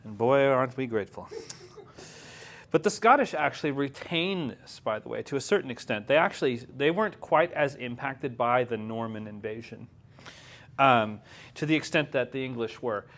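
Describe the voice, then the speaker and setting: A man's voice: mid-range voice, animated, normal speed, fairly bright tone. Joking man teaching a class. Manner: joking, chatty, laughs often. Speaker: Hebrew teacher.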